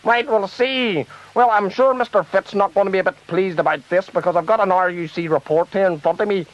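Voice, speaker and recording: A man's voice: sits high, a little fast, close to an everyday voice. A man with a Northern Irish accent playing a flustered TV debate presenter who fusses to keep order. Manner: fussy, trying to keep order. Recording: dull lo-fi record.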